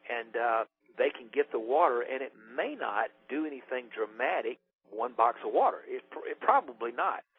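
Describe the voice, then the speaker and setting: A husky-voiced man talks through a sales training session in a loose, rambling way, stopping and restarting often. The sound is thin and tinny, like a phone line. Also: mid-range voice, animated, moderate pace. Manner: rambling, with many fillers and restarts. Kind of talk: casual sales training talk.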